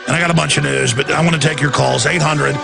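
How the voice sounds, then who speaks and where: A middle-aged man hosting a radio talk show, ranting emphatically and at times shouting. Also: on the high side, fairly even intonation, fast talker, vocal fry, over music. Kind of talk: impassioned talk radio monologue.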